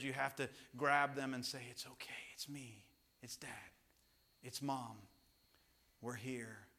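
A man, a pastor and father, preaching a sermon mixed with family stories, swinging from loud emphasis to hushed tones. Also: mid-range voice. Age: young children at home, father.

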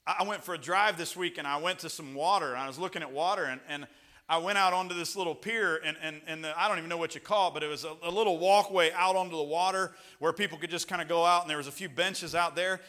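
A man preaching a sermon as pastor, chatty and rambling with asides, rising to loud, emphatic peaks. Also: a little high, quick pace. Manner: conversational, rambling with asides and restarts.

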